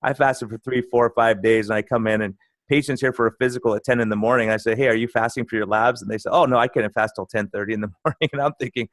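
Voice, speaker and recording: Middle-aged male doctor, mid pitch, dry close mic, animated storyteller in casual chat. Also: quick pace, dry recording. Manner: animated storytelling, acts out quoted patients. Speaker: internal medicine doctor, guest.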